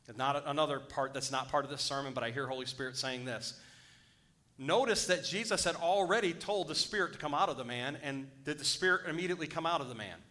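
Preacher guy reading scripture then preaching hard, bright forceful voice. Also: mid-range voice. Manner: reads scripture aloud and breaks off to preach; rises to urgent exhortation. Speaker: pastor. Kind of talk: sermon.

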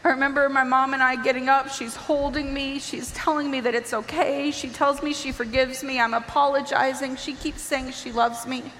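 Woman telling an emotional testimony, high voice, long hall reverb, faint room noise. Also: flat delivery, normal speed, few pauses. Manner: impassioned, rising to near shouts and tearful pleading. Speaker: speaker giving a testimony.

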